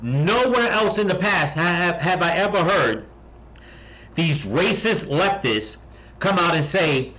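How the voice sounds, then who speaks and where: A man in a rambling political commentary, talking bluntly and heatedly with plenty of swearing. His voice sits a bit high for a man, and he keeps restarting sentences and tacking on "okay?". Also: animated, measured pace, sharp tone, poor audio. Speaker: political commentary channel host.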